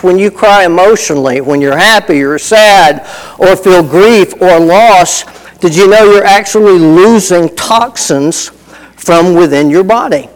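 A man's voice: fairly high pitch, big-room sound, poor audio. A middle-aged man preaching a sermon in a folksy, conversational way, telling personal stories with asides. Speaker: pastor.

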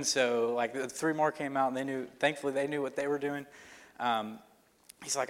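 A pastor telling a personal story in a sermon, in a loose conversational way with fillers and restarts. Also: male voice, mid-range voice, steady tone, moderate pace. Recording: long reverb of a hall.

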